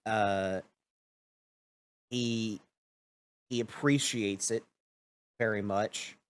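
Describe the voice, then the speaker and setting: A man narrating as game master of a tabletop game, talking in an unhurried way full of fillers. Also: fairly low pitch, fairly even intonation, smooth.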